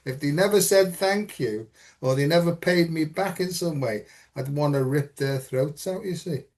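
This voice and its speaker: A man's voice: a little high, normal speed, darkish tone. A man hosting a frank conversation, blunt and earthy, swearing freely and telling stories with quoted dialogue. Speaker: host.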